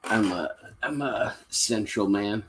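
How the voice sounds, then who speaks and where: Man, very deep voice, young adult, from kentucky, rambling, easygoing live-stream host. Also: takes it slowly, a little hiss or hum. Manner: easygoing, rambling with frequent fillers and laughs. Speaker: livestream host. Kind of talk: casual live-stream chat. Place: home.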